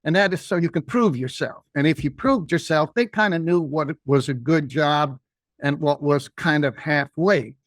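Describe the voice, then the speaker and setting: An older man tells a long personal story with a folksy, meandering manner, his voice sitting a bit high. The sound is dry and close, with no room around it. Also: moderate pace, dry recording. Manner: rambling, folksy. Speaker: guest.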